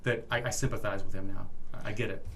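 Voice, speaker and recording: A man's voice: lowish voice, fast talker, creaky. A middle-aged man telling a story in casual podcast chat, acting out the people in it. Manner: animated storyteller acting out customers and his boss. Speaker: podcast co-host.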